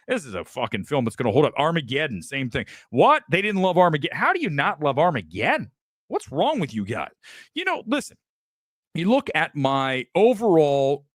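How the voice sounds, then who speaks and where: A man's voice: dry recording, studio quality. A man hosting a film talk show, ranting with brash, boastful and profane opinions. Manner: brash, boastful, profane, animated swings of pitch. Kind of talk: opinionated live stream rant.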